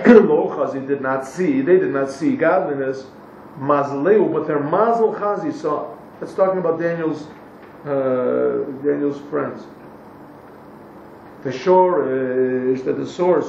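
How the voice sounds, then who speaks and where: Slow, echoey distant man teaching a text. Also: a little high, vocal fry, darkish tone, slight background noise. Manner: pauses to search for English words. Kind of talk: translating a text line by line in a class. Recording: echoey, distant, dull lo-fi room recording.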